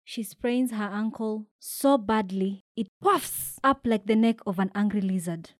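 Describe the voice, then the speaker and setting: A woman from Kenya reading a children's picture book aloud, with lively shouted voices for the characters. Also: medium pitch, unhurried, dry recording, studio quality. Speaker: storybook reader. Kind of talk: expressive read-aloud storytelling.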